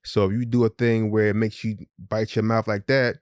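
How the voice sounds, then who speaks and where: A middle-aged man tells a long personal story on a podcast, candid and a little profane, slipping into the voices of the people he quotes. His voice sits low, and the recording is close and dry, with no room sound. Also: flat delivery, moderate pace, a little mellow, smooth, dry recording. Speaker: podcast co-host. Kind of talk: casual storytelling chat.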